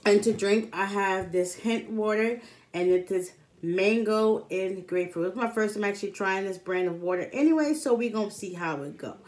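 A woman's voice: mid-range voice, normal speed, darkish tone. A young adult woman chatting casually to her camera as a food vlogger, upbeat and informal. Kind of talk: casual eating-show chat to camera.

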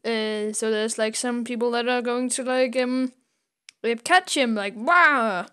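A woman co-hosting a podcast casually retells a comic story, scattering fillers throughout and putting on little voices for the scenes. Her voice leans high, smooth, with fairly even intonation and a measured pace.

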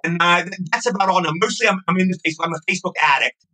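A man with a high, very bright, slightly husky voice talks fast on a podcast. He rambles, gushes and repeats himself in loose casual chat. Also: poor audio. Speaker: podcast guest, actor.

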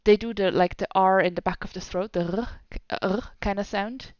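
Swiss-accented woman, smooth, explanatory, dry lo-fi voice chat. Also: mid-range voice, fairly even intonation, a little fast, darkish tone, dry recording. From Switzerland. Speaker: voice chat participant. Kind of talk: casual voice chat. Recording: dry, slightly dull voice chat mic.

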